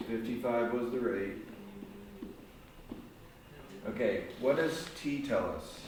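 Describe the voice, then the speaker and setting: A man's voice: mid-range voice, normal speed, noisy background. A man tutoring a group of students through algebra word problems, guiding them with patient questions. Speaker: math tutor. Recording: very echoey room, mic far off.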